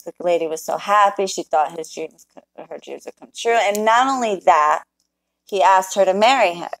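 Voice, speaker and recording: A spiritual worker recounts a client story to her live chat, speaking casually, bluntly, and with plenty of swearing, addressing viewers directly. Her voice is medium-pitched at a moderate pace. The recording is rough but has no echo.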